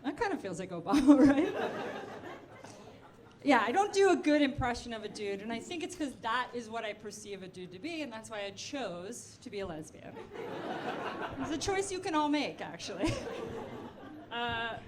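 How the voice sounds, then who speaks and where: Stand-up comic, woman, high and lively voice, quick crowd asides, noisy live club tape. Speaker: stand-up comedian. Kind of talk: stand-up comedy set. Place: comedy club stage. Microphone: handheld stage mic.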